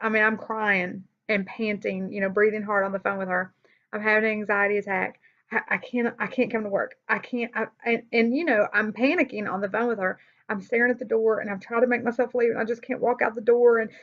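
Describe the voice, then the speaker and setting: A woman speaks candidly to the camera in a personal vlog, her talk full of fillers, restarts and sighs. Her voice sits at an ordinary middle pitch. The recording sounds a little dull and lo-fi. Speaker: vlogger.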